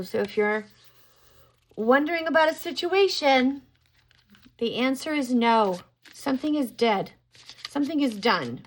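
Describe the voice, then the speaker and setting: A middle-aged woman talks through a tarot reading in a casual, musing way. Her voice sits a little high, and she breaks into surprised exclamations as she turns cards over. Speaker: tarot card reader.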